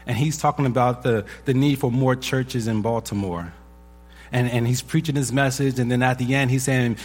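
A man in his forties, a pastor, telling a personal story from the pulpit in a husky voice, animated when he acts out what others said. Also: medium pitch, a little fast, faint music behind. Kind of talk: sermon testimony. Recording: echoey hall with long reverb.

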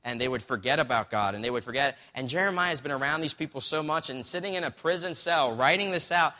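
A man's voice: a little high, fast, bright, forceful tone. A man preaching a sermon in a loose, conversational way, telling stories and tossing in "right?" asides. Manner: conversational, storytelling with acted quotes, frequent "right?" asides. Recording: long hall reverb.

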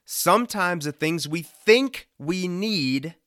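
Animated man giving a devotional talk. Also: high-pitched, slow pace, dry recording, clean studio sound. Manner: conversational, often asks "right?"; earnest, lightly joking. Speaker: podcast host.

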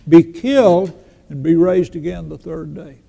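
Folksy preacher with a gravelly voice. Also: male voice, on the high side, unhurried, warm tone. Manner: folksy storytelling, acts out quoted voices. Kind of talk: sermon. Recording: long reverb in a large hall.

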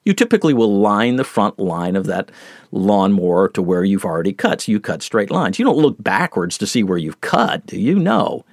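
Low-voiced man preaching a sermon. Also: normal speed, no room sound, clean studio sound. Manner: earnest, plain-spoken teaching with lively shifts in pace and loudness.

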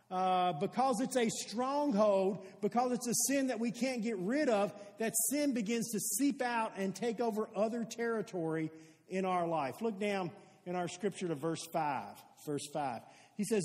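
Earnest high-voiced male pastor preaching. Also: a little mellow. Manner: earnest, conversational preaching with frequent restarts. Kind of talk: sermon. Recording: long hall reverb.

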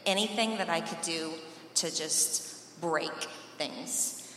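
A woman speaks her personal faith testimony with earnest emphasis and long dramatic pauses. Her voice is low-pitched but bright and forceful. She is heard from a distance in a large echoey hall, with faint ambience underneath. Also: slight background noise.

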